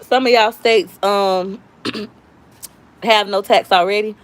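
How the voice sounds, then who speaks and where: A woman in her thirties rambles casually to her viewers from home, slangy and loose. She sounds a bit out of breath, her voice sitting in a middle pitch. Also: steady tone, slow pace. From Florida, US. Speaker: YouTube cooking vlogger. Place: at home with family.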